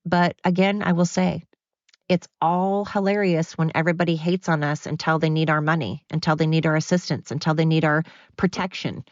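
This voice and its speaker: A woman's voice: deep voice, little pitch movement, fairly quick, no room sound. A woman hosting a solo podcast, rambling and ranting with lots of fillers. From United States. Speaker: podcast host. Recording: dull, dry, lo-fi.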